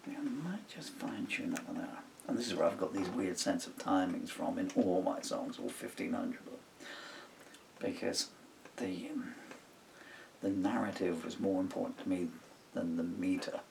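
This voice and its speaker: Older man, songwriter, rambling muttered asides, gravelly voice, home studio. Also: deep voice, moderate pace, a little mellow, distant mic, slight background noise. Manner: meandering, self-interrupting, muttered asides. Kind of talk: casual rambling talk while writing a song.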